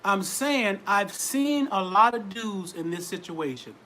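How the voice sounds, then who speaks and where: Earnest man with a high voice. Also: expressive, moderate pace, hardly any pauses, pushed and bright, slight background noise. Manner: earnest, explaining step by step. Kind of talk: reflective talk about manhood.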